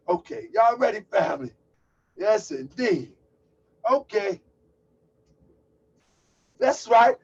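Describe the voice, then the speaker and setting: Male call-in host, husky and gravelly, animated and chatty; distant lo-fi recording. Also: extremely high pitch, unhurried, long pauses. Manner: loose, chatty, exclaims and laughs while setting up. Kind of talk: casual livestream talk. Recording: distant, dull lo-fi mic.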